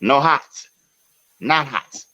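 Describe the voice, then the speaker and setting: A man hosting a podcast, telling a long story in a casual, profane way with sudden loud outbursts. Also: mid-range voice, lively intonation, slow pace, muffled recording. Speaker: podcast host.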